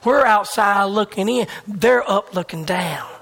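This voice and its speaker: A man preaching a sermon with an emphatic, repetitive cadence, swinging between loud fervor and hushed whispers. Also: high-pitched, expressive, measured pace, creaky.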